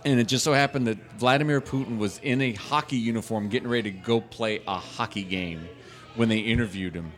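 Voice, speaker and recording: A man co-hosting a comedy podcast, relaying news stories with halting restarts and dry puns. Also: on the low side. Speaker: podcast co-host. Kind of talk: casual comedy chat.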